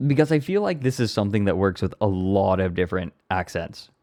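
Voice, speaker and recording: A man's voice: low voice, lively intonation, brisk, a little mellow. A man streaming, giving laid-back, joking commentary in a casual reaction stream.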